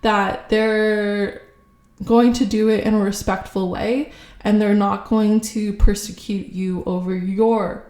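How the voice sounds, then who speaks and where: A woman giving a casual intuitive tarot reading to camera, musing slowly with many fillers and hesitations. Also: medium pitch, flat delivery, darkish tone. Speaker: tarot reader. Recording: echoey room.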